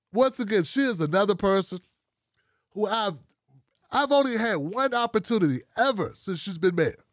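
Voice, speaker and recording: High-voiced blunt male show host. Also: dry recording, clean studio sound. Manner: blunt, profane and animated, talking straight at the audience. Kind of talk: casual commentary show.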